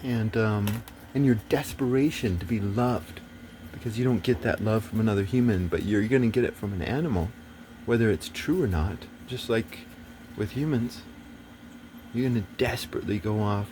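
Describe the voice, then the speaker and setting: A man's voice: lowish voice, moderate pace, darkish tone, a little hiss or hum. A man talking in a rambling casual monologue, swearing often and turning agitated and preachy.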